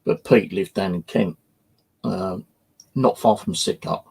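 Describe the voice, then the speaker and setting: A man's voice: low voice, slow pace, vocal fry, darkish tone, slightly rough. A man telling his own ghost story in a casual, rambling way, with many fillers and swearing. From England. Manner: rambling, full of "you know" fillers and swearing. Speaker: paranormal investigator and channel host. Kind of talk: casual first-person storytelling.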